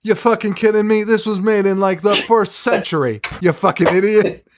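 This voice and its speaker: Scornful occultist guy, sneering, exasperated, higher than usual, put on by a man. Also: fairly even intonation, a little fast, noisy background, close to an everyday voice. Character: condescending irritated male occultist, scornful.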